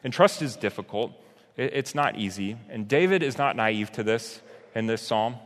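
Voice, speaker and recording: A man's voice: mid-range voice, expressive, normal speed, long reverb tail. A young adult man preaching a sermon as a pastor, earnest and grieving, his voice climbing in bursts of emotion.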